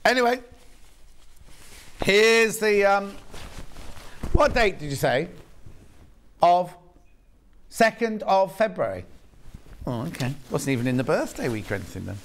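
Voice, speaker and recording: A man's voice: sits high, big pitch swings, unhurried, pauses often. A man with a British accent presenting on a live shopping channel, chatty and rambling with self-mocking asides, in a TV studio.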